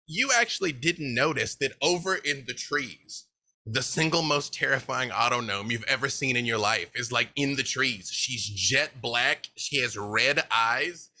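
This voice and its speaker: A man narrating a tabletop game as dungeon master, animated and often laughing. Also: medium pitch. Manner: animated, laughing, quick asides.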